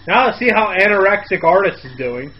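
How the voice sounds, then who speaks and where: A man riffing sarcastically and crudely over a reality show, mocking the people on screen and blurting out shouts. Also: sits high, expressive, fairly quick, dull audio, faint music behind. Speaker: comedy commentator.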